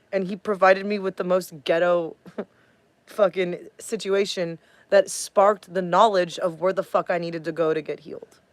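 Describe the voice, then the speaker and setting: A woman's voice: lowish voice, no room sound. A woman from the United States ranting on a livestream in a profane, rambling way, losing her train of thought. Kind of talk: casual livestream rant.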